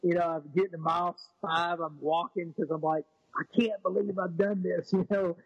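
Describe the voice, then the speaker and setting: Animated man telling a story. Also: high-pitched, normal speed, husky, dry recording, lo-fi sound. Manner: animated, repeats words, acts out quotes. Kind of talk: personal storytelling talk.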